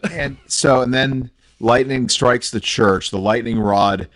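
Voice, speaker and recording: A man's voice: medium pitch, slow pace, a bit bright, no room sound. A man on a movie podcast panel, summarizing the plot in a rambling, casual way.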